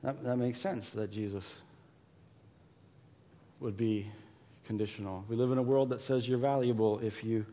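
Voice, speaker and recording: A man preaching a sermon as pastor, emphatic and repetitive, dropping to a hush and then rising loud. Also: mid-range voice, steady tone, moderate pace, pauses often. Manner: emphatic, repeats words, swings from hushed to loud.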